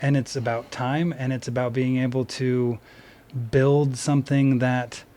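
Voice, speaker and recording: A man's voice: medium pitch, level tone, measured pace, dark tone. A man hosting a podcast in casual chat, talking loosely and rambling with lots of fillers. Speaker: podcast host.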